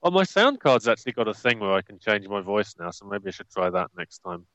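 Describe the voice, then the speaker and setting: A man's voice: fairly low pitch, big pitch swings, a little fast, a bit bright, no echo, highs cut off. A British man with a nasal voice, co-hosting a casual podcast with dry, teasing remarks. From Britain. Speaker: podcast co-host.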